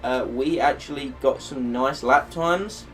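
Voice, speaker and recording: A tired man talks through the results of a long racing game session, rambling and thinking aloud between fillers. His voice sits at an ordinary middle pitch. Faint music plays underneath. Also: measured pace, a bit bright, distant mic. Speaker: gaming channel host. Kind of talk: racing game career commentary.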